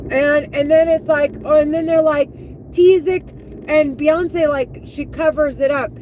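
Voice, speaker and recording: A woman live streaming an angry, profane monologue, heated and full of halting restarts. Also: high voice, fairly even intonation, darkish tone, a little hiss or hum, rough recording.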